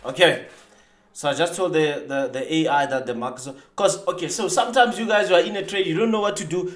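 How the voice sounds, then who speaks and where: A man hosting a live trading stream, talking casually and boastfully while demonstrating software. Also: a little high, fairly quick, reverberant. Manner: animated, boastful, teasing rivals.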